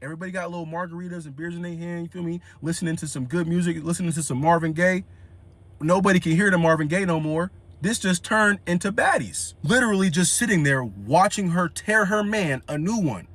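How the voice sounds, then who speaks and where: A young man telling a comedic story in casual slang, acting out the people in it with animated voices. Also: high-pitched, brisk. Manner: animated, acts out quotes in voices.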